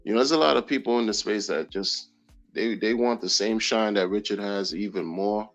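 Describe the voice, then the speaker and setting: A man hosting a casual crypto livestream, talking in an animated, slangy way with lots of repeated phrases. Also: fairly low pitch, normal speed. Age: adult. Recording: dull lo-fi audio with faint music.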